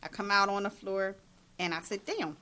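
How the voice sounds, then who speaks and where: A woman co-host telling an animated, profane story on a radio talk show. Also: mid-range voice, moderate pace, slight background noise. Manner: animated, profane, acts out dialogue.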